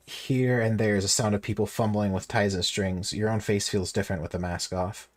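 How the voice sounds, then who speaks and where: A man streaming a game, reading its text aloud with bemused, deadpan asides. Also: lowish voice, normal speed, hardly any pauses.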